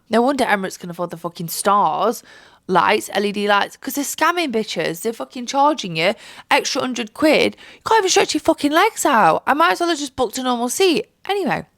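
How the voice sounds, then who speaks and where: Foul-mouthed young woman, gravelly voice. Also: mid-range voice, dry recording, studio quality. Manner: animated, sweary storytelling with mocking voices. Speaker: vlogger. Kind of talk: storytime vlog.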